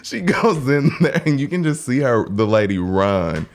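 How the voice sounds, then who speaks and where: A young man co-hosting a podcast, telling a story in a rambling way with lots of "like", and jumping into high mock voices when he quotes people. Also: big pitch swings, normal speed. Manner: rambling retelling with many "like" fillers. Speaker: podcast co-host and hair stylist. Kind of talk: casual storytelling chat.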